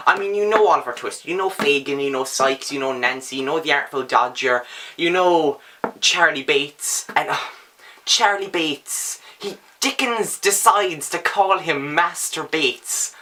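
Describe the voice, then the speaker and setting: A young man chatting through his monthly book reviews with a sharp, bright tone. He swings between dry sarcasm and mock outrage, standing up at home as he talks. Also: fairly high pitch, animated, normal speed. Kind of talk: casual book review vlog.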